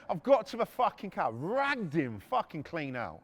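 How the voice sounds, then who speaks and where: A middle-aged man, hosting a podcast and telling a story in a casual, profane, animated way, acting out shouting people and machine noises. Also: high-pitched, a little slow, hardly any pauses. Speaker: podcast host.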